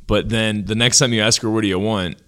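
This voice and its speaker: Lower-voiced man giving easygoing advice. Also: steady tone, a little fast, sharp tone. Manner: easygoing, offers advice, jokes lightly. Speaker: podcast co-host. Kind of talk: casual podcast conversation.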